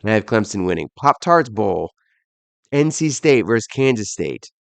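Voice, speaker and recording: Low-voiced young dude reading off odds, dry close mic, kinda self-deprecating. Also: male voice, very animated, normal speed, gravelly, dry recording. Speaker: podcast host. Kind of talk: casual solo bowl predictions.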